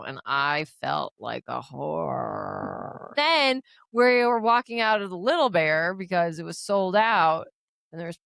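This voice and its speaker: Young woman podcast host, loud laughy storyteller, swoopy voice, dry sound. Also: mid-range voice, gravelly, no room sound. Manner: loud, laughing storyteller who acts out quotes. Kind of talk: casual chat.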